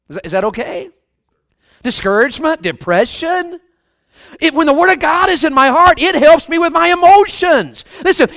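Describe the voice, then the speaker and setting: A man's voice: very high-pitched, fairly bright tone, no echo. A man with a Southern US accent preaching a fervent revival sermon, often putting questions to the congregation. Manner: fervent, asks the crowd questions.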